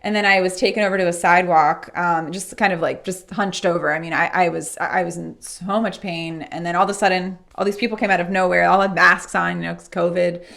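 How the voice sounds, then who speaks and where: Speaking fast with few pauses, a gravelly, lowish-voiced woman tells a personal story on a podcast in casual interview style. She's earnest and reflective, and she brings remembered exchanges to life with animated voices.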